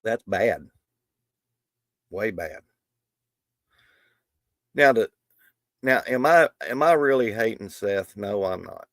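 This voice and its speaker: A man's voice: lowish voice, animated, slow pace, long pauses, a bit bright, no echo, clean studio sound. A middle-aged man hosting a live stream, talking in a rambling, folksy way with many restarts. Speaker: livestream host. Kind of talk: casual live stream talk.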